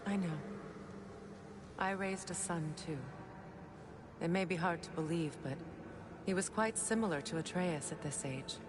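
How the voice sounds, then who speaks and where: An actress playing a weary goddess and grieving mother who speaks calmly and measuredly, with dry sarcasm. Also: fairly low pitch, unhurried, pauses often, noisy background, close to an everyday voice.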